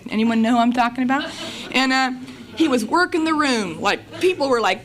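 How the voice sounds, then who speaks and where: A middle-aged woman giving her personal testimony at a recovery meeting, telling her story in a lively way and acting out the conversations. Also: high-pitched, moderate pace, very noisy.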